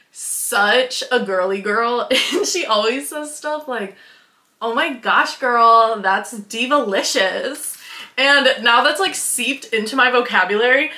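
A woman's voice: a little high, bright, forceful tone, roomy sound. A young woman from Wisconsin telling a story to her vlog, bubbly and giggly, full of "like" and acted-out quotes. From Wisconsin, USA. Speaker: vlogger. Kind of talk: casual storytelling.

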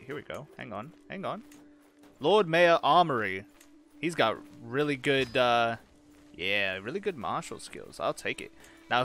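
A man with a bright, forceful voice talks his way through a strategy game, reading event texts aloud and tossing off casual asides to his viewers. Faint music plays under his commentary. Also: medium pitch. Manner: casual, chatty, mutters reactions to the game. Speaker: gaming channel host.

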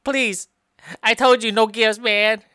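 A woman's voice: on the high side, fairly even intonation, takes it slowly, pushed and bright, clear, resonant tone, dry recording, studio quality. A woman giving comedic improvised gameplay commentary, playing exasperated and tacking "man" and "bro" onto her lines.

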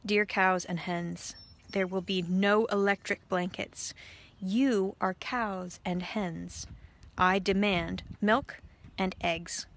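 An exasperated, easily riled farmer from a storybook reading, as a woman puts him on. He exclaims in a raised, bright, forceful voice and drags each protest out slowly. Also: mid-range voice, fairly even intonation. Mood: stern.

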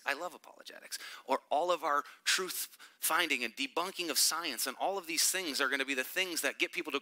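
Bright-toned, animated preaching man. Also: medium pitch. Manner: animated, emphatic preaching with asides to the crowd. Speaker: pastor. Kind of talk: sermon.

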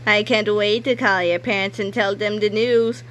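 A woman's voice: mid-range voice, fairly even intonation, normal speed, fairly bright tone, natural voice. A woman voicing a smug female teacher who gloats with a chuckle. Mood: gloating.

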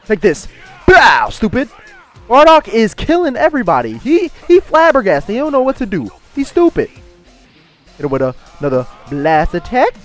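A young man giving excitable gameplay commentary and trash-talking his opponent. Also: high voice, moderate pace, faint music behind. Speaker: gaming YouTuber.

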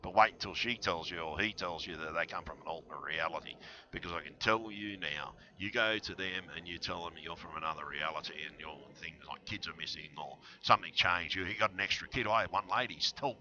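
Deep, tense-voiced man rambling. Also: a little fast, pushed and bright, lo-fi sound. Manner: rambling, conspiratorial, full of fillers and restarts. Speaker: channel host. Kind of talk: rambling vlog monologue answering comments. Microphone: headset.

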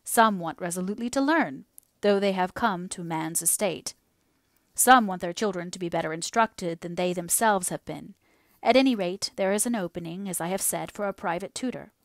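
A woman voicing an anxious older clergyman father in an audiobook, speaking slowly and solemnly. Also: on the low side, no echo, studio quality, natural voice. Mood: earnest. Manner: slow, measured, solemn. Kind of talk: audiobook character voice.

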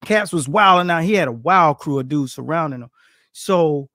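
Animated high-voiced man telling boxing stories. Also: moderate pace, no echo, studio quality. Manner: animated, acts out quotes, laughs often. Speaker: boxing coach, guest. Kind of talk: storytelling in casual interview.

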